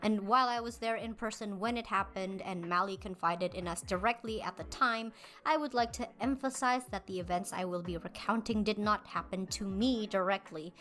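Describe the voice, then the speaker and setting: Measured woman narrating commentary. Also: medium pitch, a bit bright. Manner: measured, explanatory. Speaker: YouTube commentary host.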